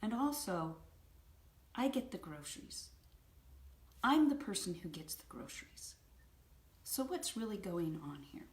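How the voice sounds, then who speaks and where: A woman voicing a calm, caring husband who speaks in a steady, reassuring way, quoting him while retelling a story. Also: mid-range voice, moderate pace, close to an everyday voice. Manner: steady, reassuring, gently questioning. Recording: roomy echo.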